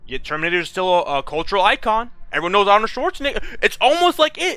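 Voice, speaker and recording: A man's voice: high voice, expressive, fast, sharp tone, no room sound. A young man ranting about a game in a casual vlog, swearing often and restarting his sentences. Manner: profane, heated ranting with frequent restarts. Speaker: gaming video creator.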